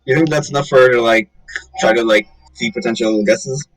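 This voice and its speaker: A man's voice: mid-range voice, a little fast, dry recording, distant mic, poor audio. A man playing in a tabletop game, thinking aloud in a hesitant, casual way. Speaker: player.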